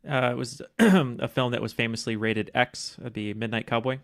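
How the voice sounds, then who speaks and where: A man answering trivia questions on a podcast, measured and thoughtful, pausing often with "uh". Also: medium pitch, steady tone, gravelly, fairly bright tone. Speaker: solo quiz contestant. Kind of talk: casual podcast chat.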